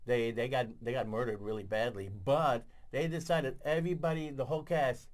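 A man co-hosting a casual film review chat, relaxed and halting, often searching for names with many fillers. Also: medium pitch. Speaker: co-host.

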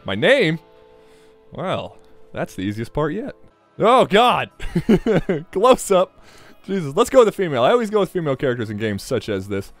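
A man's voice: on the high side, very animated, normal speed, faint music behind. A man hosting a let's play, giving casual, jokey gameplay commentary and swearing freely.

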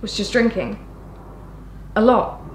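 A wry, evasive young patient. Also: female voice, medium pitch, very animated, echoey room, a little hiss or hum. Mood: guarded, wry. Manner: wry and deflecting, quick comebacks. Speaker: actress. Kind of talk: screen drama acting.

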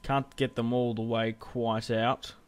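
A man's voice: mid-range voice, little pitch movement, takes it slowly, clean tone. A young man giving casual, rambling commentary over a strategy game, restarting sentences and swearing freely. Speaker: gaming video host.

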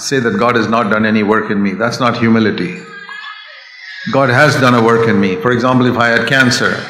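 A man's voice: mid-range voice, fairly bright tone, a little hiss or hum. Older man preaching in an echoey hall. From India. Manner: earnest, rises to emphatic raised voice. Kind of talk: sermon.

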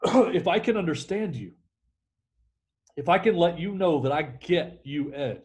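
A man's voice: fairly high pitch, expressive, unhurried, darkish tone. A middle-aged man, a sales trainer, talking energetically in a podcast interview and acting out phone calls.

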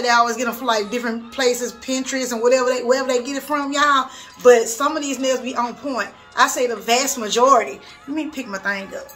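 A woman's voice: high voice, fairly bright tone. A woman vlogging a nail haul from her bathroom vanity, chatty and gushing, often calling the viewers y'all. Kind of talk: casual haul video chat. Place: home bathroom vanity, seated.

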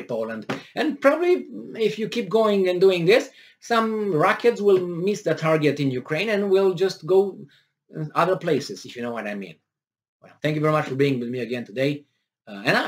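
A man delivers a combative opinion monologue on his vlog, firing off rhetorical questions. His voice sits a little high and swings up and down a lot as he argues. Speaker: political commentary vlogger.

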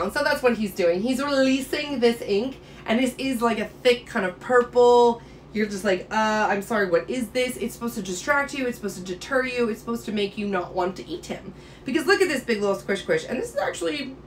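A woman with a fairly high voice gives a biology lecture in a loose, chatty way. She is playful and clearly enthusiastic. There is a faint background hiss. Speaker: biology teacher. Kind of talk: casual classroom lecture.

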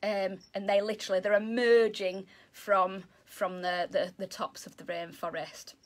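A woman's voice: medium pitch, flat delivery, moderate pace. A woman with a Yorkshire accent giving a chatty, bubbly online lesson for children, often joking about herself. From Yorkshire, England. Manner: chatty, bubbly, self-deprecating. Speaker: zoo educator.

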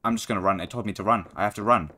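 A young man giving foul-mouthed, excitable commentary while playing a horror game, yelling at what scares him. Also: fairly low pitch, rapid-fire, a little hiss or hum. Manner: swearing, excitable, shouting at the game. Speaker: gaming YouTuber.

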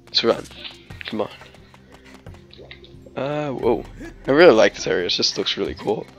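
A man's voice: lowish voice, expressive, normal speed, dull audio, faint music behind. A man narrating his gameplay in a casual, rambling way, full of "like" and restarts, with jokes and snatches of song. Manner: jokey, breaks into snatches of song and silly voices. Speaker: let's play host.

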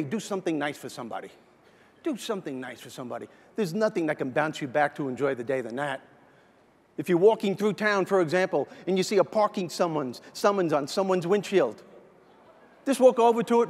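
A man with a high, bright-sounding voice delivers a funny motivational talk, animated and energetic as he tells stories. His voice bounces around a large hall with long reverb. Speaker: motivational speaker. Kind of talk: humorous keynote stand-up.

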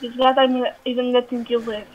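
A woman's voice: a little high, flat delivery, brisk, muffled recording. A woman playing along in an online game who complains and swears in frustration. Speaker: fellow player. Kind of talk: casual gameplay chat.

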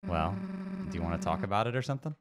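A man's voice: sits low, expressive, rapid-fire. A man voicing a brash, tough teenage girl friend in a game playthrough, talking in a blunt, teasing way. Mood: gruff comforting. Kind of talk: voice acting over a game playthrough.

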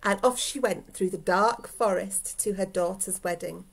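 A woman, a teacher reading a story aloud to children, with gentle asides to her dog. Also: mid-range voice, normal speed, creaky.

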